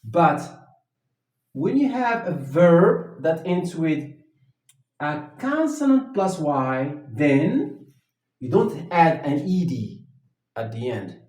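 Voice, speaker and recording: A man teaching an English grammar lesson at a whiteboard, talking slowly and haltingly, with many fillers and restarts. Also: on the high side, sing-song, a little mellow, recorded from a distance. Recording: echoey room, voice from off the mic.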